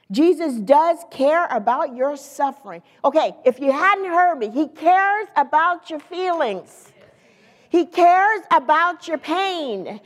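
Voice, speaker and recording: A woman with a high voice preaches a sermon in a lively, conversational style, tossing playful asides to the congregation. The recording has a big-room sound.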